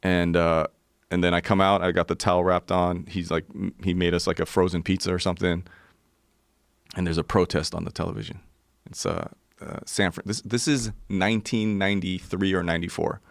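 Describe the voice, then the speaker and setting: A man in his forties with a low voice, a podcast guest telling a profane, vivid story in casual talk. The sound is close and dry. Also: flat delivery, fairly quick, vocal fry, no room sound.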